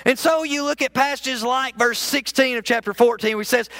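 A man preaches with an unusually high, gravelly voice, spinning homespun stories before turning to scripture. His tone is bright and forward, with a dry, close sound. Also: a little fast, hardly any pauses, no room sound. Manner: folksy, conversational storytelling with frequent restarts. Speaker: minister. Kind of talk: sermon with storytelling.

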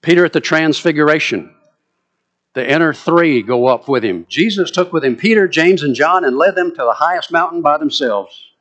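A man with a Southern US accent preaching a sermon, acting out scripture quotes with lively, dramatic delivery. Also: fairly high pitch. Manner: animated, dramatic quoting of scripture.

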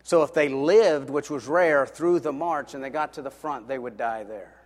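Pastor preaching in a reverberant hall. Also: male voice, medium pitch, normal speed. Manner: dramatic, swings between loud and hushed. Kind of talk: sermon storytelling. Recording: long reverb of a large hall.

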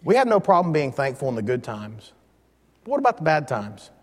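A man's voice: medium pitch, big pitch swings, unhurried, long pauses, slightly rough. Guy teaching a bible lesson, chatty, punches key words, big hall echo. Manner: conversational, joking, stressing key words.

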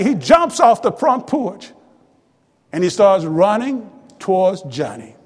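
A man preaching a sermon with fervent repetition that rises to shouts. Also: very high voice. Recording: long reverb of a large hall.

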